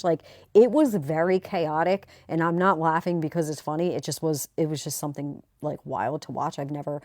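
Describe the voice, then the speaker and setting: A woman recapping a court trial in a chatty, animated vlog style. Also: low-pitched, normal speed, hardly any pauses, no room sound, studio quality. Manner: chatty, animated retelling with quoted voices. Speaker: true crime commentator.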